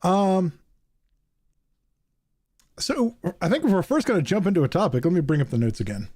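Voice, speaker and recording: A man hosting a relaxed podcast conversation. His voice sits fairly high and swings up and down a lot as he laughs his way through stories. The sound is dry and close. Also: normal speed, slightly rough, no echo. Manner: laughs often, tells stories with many fillers. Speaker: podcast host. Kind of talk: casual chat.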